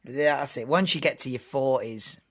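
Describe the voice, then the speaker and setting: A man's voice: mid-range voice, normal speed, a bit bright. A man hosting a live race watchalong stream, chatting casually and laid-back over the broadcast.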